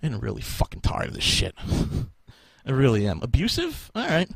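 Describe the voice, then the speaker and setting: On a live podcast, a male host rants angrily and sarcastically, swearing heavily and breaking into bursts of laughter. His mid-range voice is creaky and husky, swooping wildly in pitch at a moderate pace, and the recording is dry.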